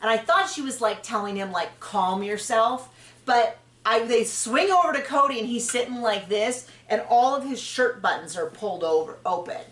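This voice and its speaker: A woman's voice: on the high side, lively intonation, a bit bright. Chatty woman, roomy distant mic. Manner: chatty, frank, quick asides and self-corrections. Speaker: podcast host recapping a reality show. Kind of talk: casual opinionated chat.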